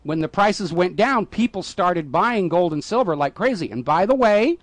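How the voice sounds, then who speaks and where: Sarcastic talk radio host, high voice. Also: male voice, animated, normal speed, no echo. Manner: sarcastic, mocking; stumbles over words, with fillers. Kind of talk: solo talk radio monologue.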